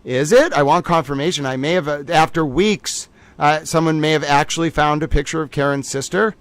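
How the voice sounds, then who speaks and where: A man's voice: on the high side, fairly even intonation, a little fast, no room sound, poor audio. A man hosting a casual commentary livestream, rambling playfully with mock-grand asides. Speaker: livestream host.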